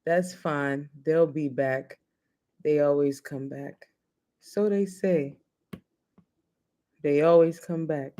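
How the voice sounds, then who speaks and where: A man's voice: a little high, fairly even intonation, slow, pauses often, dark tone. A man hosting a casual chat show, talking in a loose, joking, slangy way. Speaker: host.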